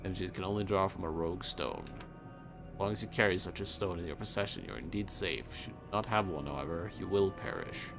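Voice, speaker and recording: Guy doing a low quiet reaper voice, all enigmatic and formal, kinda apologetic. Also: creaky, music in the background. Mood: solemn. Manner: slow, hushed, formal old-style speech. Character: hooded male Reaper, enigmatic, solemn, apologetic. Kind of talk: game dialogue read aloud.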